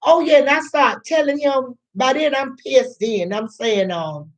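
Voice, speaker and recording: An older woman, a grandmother, telling a personal story in a chatty, rambling way, repeating herself and acting out what others said. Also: high-pitched. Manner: slow, chatty, repeats herself, acts out quoted voices. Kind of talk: casual storytelling to camera.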